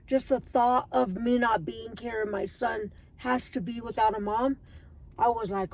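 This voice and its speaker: A woman's voice: on the high side, slow, vocal fry, pauses often, a little mellow, low-quality recording. A woman in her thirties telling viewers her own story in an earnest, emotional way. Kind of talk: personal storytelling to camera.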